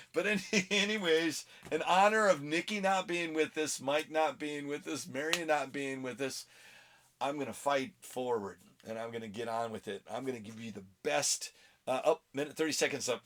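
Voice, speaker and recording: A man's voice: mid-range voice, normal speed, fairly bright tone, a little hiss or hum. A middle-aged man hosting a casual comic book vlog, rambling and easily sidetracked, laughing at himself and recording on his phone. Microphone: phone camera.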